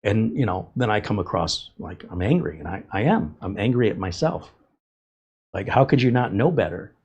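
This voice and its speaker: A man's voice: lowish voice, expressive, normal speed, darkish tone, husky, lo-fi sound. A man hosting a tech livestream, talking in a candid, emphatic, rambling way about his own mistakes. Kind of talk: casual livestream talk.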